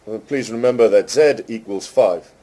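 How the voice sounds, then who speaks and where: Husky man chatting with an AI. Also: lowish voice, warm tone. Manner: amused, teasing, speaks slowly and deliberately to the machine. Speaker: host testing a voice chatbot. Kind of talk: casual chat with an AI.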